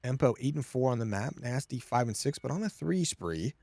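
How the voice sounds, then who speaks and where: A man giving energetic, joking play-by-play as co-caster of a competitive shooter match. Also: mid-range voice, brisk, no echo. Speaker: esports co-caster. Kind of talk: excitable play-by-play commentary.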